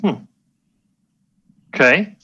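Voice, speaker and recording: A man's voice: very slow, bright, forceful tone, dull audio. A man playing a tabletop game, asking the game master curious questions. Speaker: player.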